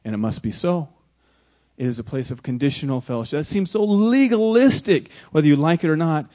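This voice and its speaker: A pastor delivering a sermon in a man's voice that sits a little above the usual male pitch. He preaches with emphasis, rising to loud declarations and then dropping to quiet, hushed lines. He often repeats words and phrases to drive a point home. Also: expressive, a little fast.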